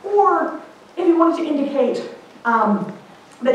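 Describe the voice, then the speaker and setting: A woman linguist giving a casual public lecture, chatty and animated, putting on higher voices for the people she quotes. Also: normal speed, a little hiss or hum. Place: lecture hall. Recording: echoey hall from far off.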